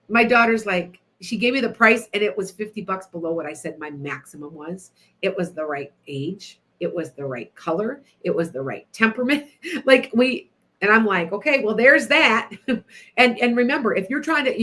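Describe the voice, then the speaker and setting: A woman's voice: medium pitch, moderate pace. Chatty middle-aged woman hosting a show. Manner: chatty, animated, laughs often, talks to listeners by name. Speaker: radio show host, psychic. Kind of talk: casual storytelling to listeners.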